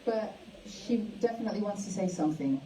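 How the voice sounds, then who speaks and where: A woman hosting a live awards ceremony. She speaks haltingly, with many fillers and restarts. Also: medium pitch, expressive, dark tone. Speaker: awards host. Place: event hall. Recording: echoey hall, mic from a distance.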